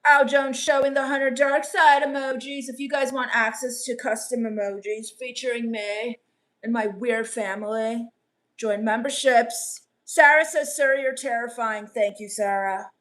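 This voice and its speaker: A woman hosting a comedy livestream, reading chat in a gloomy, deadpan gothic valley-girl drawl, dismissive and misanthropic. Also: fairly high pitch, unhurried.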